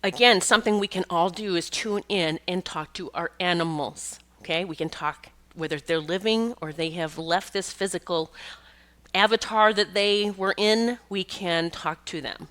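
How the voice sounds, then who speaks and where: Her voice is on the low side, fairly bright, and moderately paced. The middle-aged woman, a pet communicator and podcast host, tells stories in a loose, rambling monologue, frequently starting over and laughing at times.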